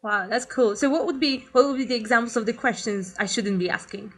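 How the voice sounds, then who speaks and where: A woman's voice: a little high, a little fast, a bit bright. A woman hosting an interview, asking questions with frequent hesitations and restarts. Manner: hesitant, many fillers and restarts. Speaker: interview host. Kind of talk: casual interview.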